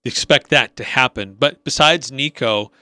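A man's voice: mid-range voice, a little slow, pushed and bright, no echo. A man co-hosting a sports talk radio show, upbeat and rattling off team stats with small restarts. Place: radio studio.

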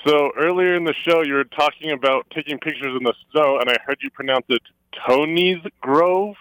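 A man's voice: mid-range voice, steady tone, fast talker, a bit bright, smooth, dry recording, rough recording. A man from Utah chiming in on a radio show, teasing the hosts with a few stammers. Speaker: caller or colleague chiming in. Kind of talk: casual radio banter.

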